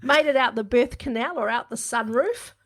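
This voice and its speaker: A woman's voice: a little high, normal speed. A woman, co-hosting a podcast in a chatty, reflective way and laughing often. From New Zealand. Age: 50s. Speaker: podcast co-host. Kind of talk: casual chat.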